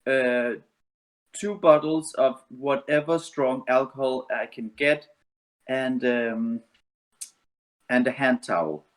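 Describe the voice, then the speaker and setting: A man's voice: medium pitch, slow, pauses often. A man playing in a tabletop game, speaking hesitantly with many fillers. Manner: hesitant, lots of fillers and restarts. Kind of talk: casual game chat.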